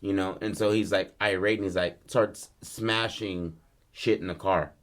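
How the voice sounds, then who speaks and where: A man hosting a podcast, telling a story in a loose, slangy, animated way. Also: deep voice, a little slow. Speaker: podcast host. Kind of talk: casual storytelling.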